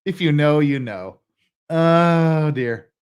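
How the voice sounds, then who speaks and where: A man's voice: on the high side, slow, clear, resonant tone. A man from Utah commenting sarcastically on police footage, joking and laughing often. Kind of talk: live-stream commentary.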